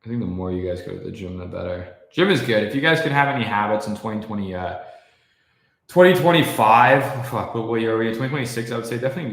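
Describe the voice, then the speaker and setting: A man's voice: fairly low pitch, quick pace, a bit bright. A young man livestreaming, ranting casually and profanely while answering his chat. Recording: echoey room.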